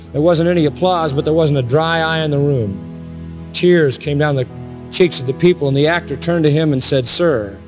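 A man preaching a sermon from the pulpit, building passionately to emphatic high peaks. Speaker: pastor. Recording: long hall reverb with faint music.

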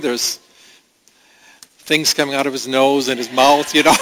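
Earnest pastor with a bright voice. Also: male voice, mid-range voice, fairly even intonation. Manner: earnest, conversational, with halting restarts. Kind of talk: sermon. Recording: long hall reverb.

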